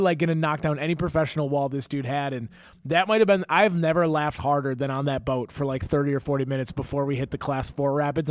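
A young man telling animated stories in casual chat, swearing freely and acting out other people's lines. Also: on the high side, no room sound, clean studio sound. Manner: animated, acts out quotes, swears freely, says "dude".

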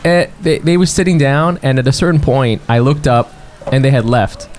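A podcast co-host with a mid-range, slightly mellow voice talks at normal speed. His casual chat is laid-back and rambling, and he swears casually.

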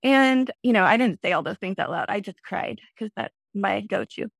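A woman in her thirties, a podcast guest, telling a personal story in a lively way and acting out her own past lines. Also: normal speed, vocal fry, no room sound. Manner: animated, acts out her own past lines in a high excited voice. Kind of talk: conversational storytelling.

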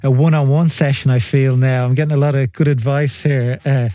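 A man's voice: mid-range voice, fairly even intonation, brisk, warm tone, no room sound. A man hosting a podcast, chatting casually and thinking aloud with friendly restarts. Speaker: podcast host.

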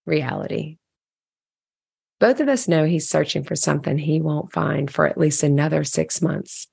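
A woman's voice: sits low, normal speed, creaky, darkish tone, no echo, clean studio sound. A woman candidly narrating a personal diary entry, reflective and storytelling. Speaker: caregiver sharing a diary entry.

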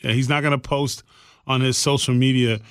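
A man's voice: medium pitch, level tone, brisk, fairly bright tone, clear, resonant tone, dry recording, studio quality. A man co-hosting a podcast, telling a story earnestly in casual chat and voicing the people in it. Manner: earnest storytelling with voiced quotes. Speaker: podcast co-host.

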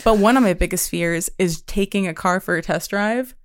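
A woman co-hosting a podcast, chatting casually and telling animated stories with plenty of swearing. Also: mid-range voice, normal speed, dry recording, clean studio sound. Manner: animated storyteller, swears freely. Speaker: podcast co-host. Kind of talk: casual chat.

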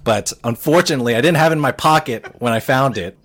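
A man's voice: mid-range voice, fast talker, fairly bright tone. A man in his thirties, co-hosting a podcast, telling a story in a rambling, self-deprecating way with lots of fillers. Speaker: podcast co-host. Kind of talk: casual storytelling chat.

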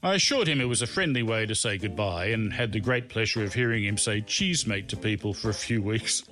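A man's voice: on the low side, expressive, fast, fairly bright tone. A middle-aged man, reading a humorous memoir of his own with dry, self-mocking wit. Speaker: memoir narrator. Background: background music.

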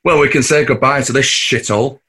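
A man's voice: medium pitch, fairly quick, bright, forceful tone, slightly rough. An actor with a Mancunian accent playing a scheming, boastful working-class husband and father, cocky and coarse. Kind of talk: audio drama acting.

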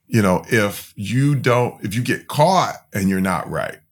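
A man's voice: fairly low pitch, lively intonation, measured pace. A man from Flint, Michigan, speaking as a podcast guest, telling his own story candidly and emphatically, full of fillers and restarts. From Flint, Michigan, USA.

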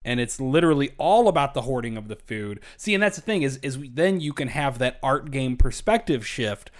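A man from Kentucky co-hosting a podcast, riffing in animated, swearing casual chat. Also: medium pitch, a little fast. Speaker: podcast co-host.

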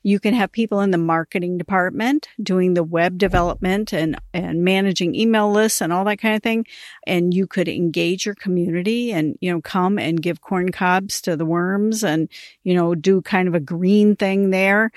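A middle-aged woman hosting a ministry podcast, telling a story in a casual, animated way and laughing as she talks. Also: lowish voice, dry recording, studio quality. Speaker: podcast host, ministry coach.

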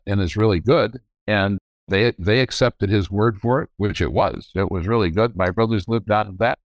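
A man's voice: mid-range voice, dry recording. An older man guests on a podcast and tells stories from his family business in a frank, meandering way, often correcting himself mid-sentence. The recording is dry and close, with no room sound. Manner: rambling, self-correcting, frank. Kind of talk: candid storytelling.

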